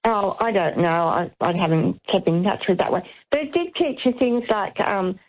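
A woman calling a radio show, reminiscing hesitantly with many pauses and fillers. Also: mid-range voice, lively intonation, dull audio. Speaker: caller. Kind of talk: reminiscing phone-in chat.

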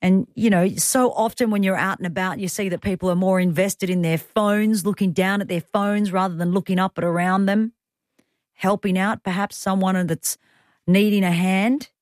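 A woman's voice: medium pitch, fairly even intonation, normal speed, a little mellow, no echo, studio quality. A woman in her thirties with an Australian accent, hosting talkback radio in a chatty way with self-deprecating asides. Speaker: radio host.

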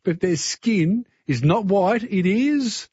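A man's voice: high-pitched, lively intonation, slow pace, a little mellow, breathy edge, no room sound, highs cut off. A man with an Australian accent hosting a talkback radio quiz, chatty and easygoing. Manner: chatty, easygoing, filler-heavy.

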